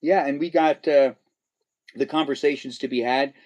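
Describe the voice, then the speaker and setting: A man hosting a casual live stream, chatting and teasing his guests and viewers in an easygoing way. His voice sits at an ordinary middle pitch. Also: fairly even intonation, moderate pace, a little mellow.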